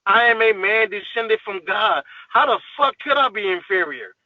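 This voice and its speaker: A man's voice: high-pitched, animated, moderate pace, no echo, muffled recording. Fired-up profane man ranting. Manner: profane, emphatic, heated rant. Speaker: podcast guest. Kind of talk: casual podcast rant.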